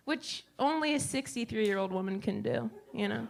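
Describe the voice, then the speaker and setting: A woman's voice: medium pitch, expressive, normal speed, gravelly, slight background noise. A woman in her thirties doing stand-up, telling a wry, chatty story full of "like" and "you know". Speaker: stand-up comedian. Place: comedy stage with a live audience.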